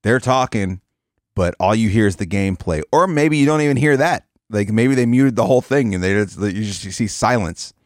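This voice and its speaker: A man with a very deep voice recorded close and dry, with no room sound at all. He co-hosts a loose, profane chat and jumps into quoted asides as he tells radio stories. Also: animated, moderate pace, dry recording. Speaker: podcast co-host, former radio host. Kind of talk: casual chat.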